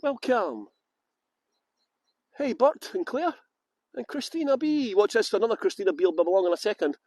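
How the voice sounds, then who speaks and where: High-voiced chatty Scottish man. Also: expressive, normal speed, a little mellow, no room sound. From Scotland. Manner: rambling, self-mocking banter, laughs often. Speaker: tour guide. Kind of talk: chatty live-stream greetings before a tour. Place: outdoors in botanical gardens.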